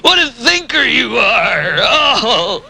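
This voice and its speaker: A man's voice: very high-pitched, big pitch swings, slow, gravelly, pushed and bright, breathy edge, full character voice. A man playing a sly, blustery old schemer on a children's TV show, sputtering as he talks. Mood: scheming. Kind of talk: children's TV comedy.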